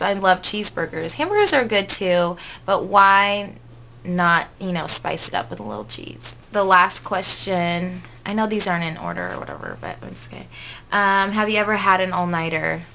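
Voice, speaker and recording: A woman's voice: mid-range voice, sing-song, moderate pace, vocal fry, bright, forceful tone, slight background noise. A woman in her twenties, a vlogger, chatting casually through tag questions in a gushing way, full of "like" and "um". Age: 20s.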